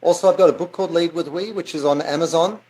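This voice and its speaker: An Australian man speaking as a podcast guest, his voice a bit higher than most. He explains things in an upbeat, chatty way. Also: quick pace, darkish tone, low-quality recording. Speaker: guest, business author. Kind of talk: casual interview chat.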